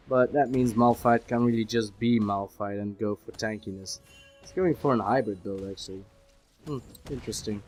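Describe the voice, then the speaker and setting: Guy rambling over his game footage, mid-pitched, chatty and self-deprecating, soft music underneath. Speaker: gameplay commentator. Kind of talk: casual commentary over his own gameplay. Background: faint background music.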